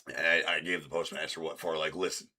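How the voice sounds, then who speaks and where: A man's voice: a bass voice, little pitch movement, quick pace, pushed and bright. A man hosting a card break stream, chatting casually and rambling, acting out past arguments in a raised voice. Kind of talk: casual livestream chat.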